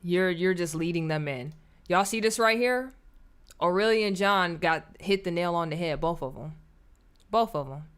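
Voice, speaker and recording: A woman's voice: lowish voice, moderate pace, smooth. A woman giving blunt, scornful commentary on clips during a live stream.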